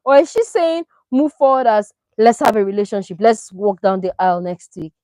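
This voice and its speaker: A woman doing casual, opinionated commentary on a reality show, animated and full of rhetorical questions. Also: medium pitch, moderate pace, no room sound, low-quality recording. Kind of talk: casual chat.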